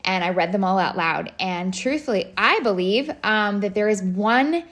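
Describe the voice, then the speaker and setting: A woman's voice: medium pitch, lively intonation, moderate pace, a bit bright. Chatty woman podcast host. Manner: chatty, many fillers and restarts. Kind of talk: casual solo podcast talk.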